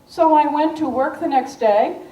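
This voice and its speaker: Older american lady telling a story to students, high voice, sounds far off in a roomy hall. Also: normal speed, muffled recording. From United States. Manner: lively storyteller acting out quoted dialogue. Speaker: guest speaker. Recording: echoey room from a distance.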